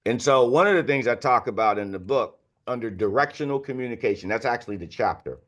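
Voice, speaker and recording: A man's voice: medium pitch, lively intonation, fast, a bit bright. A man in his sixties, a guest author on a podcast, telling candid anecdotes in a loose, filler-heavy conversational way. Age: 60s. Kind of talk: podcast interview storytelling.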